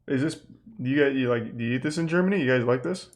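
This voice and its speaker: A fast-talking man with a mid-range voice is streaming live, swearing and sounding sarcastic and disbelieving as he comments on a video. Between reactions he reads out thank-yous to subscribers in this casual commentary.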